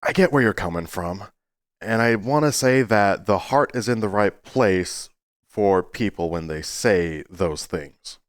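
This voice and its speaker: A man talking to his viewers in a casual, rambling way, earnest but playful, with sudden jumps into a high voice. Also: expressive, unhurried, no room sound, clean studio sound. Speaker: YouTuber. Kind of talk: casual talking-to-camera monologue.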